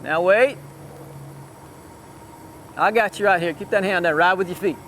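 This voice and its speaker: Male cutting horse trainer, high voice, barking repeated short cues at a rider outdoors, faint traffic behind. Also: measured pace, a bit bright. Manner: calls out short repeated commands. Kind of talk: live riding coaching. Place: outdoor riding arena.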